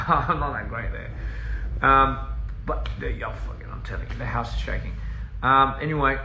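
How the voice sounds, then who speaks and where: A man talking loosely to his viewers over a phone livestream, drifting off topic and laughing at himself as he switches between English and Korean. His voice is bright with a gravelly edge. The sound is roomy and echoey, with a faint hum of ambience behind him. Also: mid-range voice. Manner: rambling, easily sidetracked, laughs often; mixes in Korean and scraps of other languages. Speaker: recording artist on a livestream. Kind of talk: casual livestream chat with viewers. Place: in a house.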